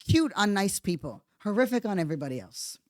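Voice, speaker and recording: A woman hosting a podcast, giving heated political commentary, swearing a lot and sarcastic, at times jumping into high, mocking outbursts. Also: sing-song, brisk, dry recording, studio quality. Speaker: podcast host.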